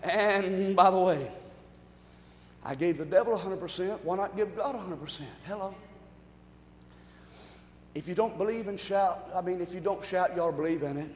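A pastor preaches with a very high-pitched, excitable voice. He swings from quiet asides to loud shouted bursts. His voice rings through a large, echoing church hall with a long reverb. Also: normal speed, pauses often, slight background noise. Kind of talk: sermon.

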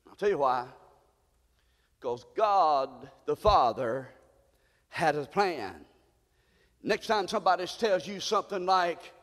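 Brief: middle-aged American male preacher, very high voice, surging from hushed to shouting, long church reverb. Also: big pitch swings, a little slow, long pauses. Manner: swings from low murmurs to high shouted cries. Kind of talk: sermon.

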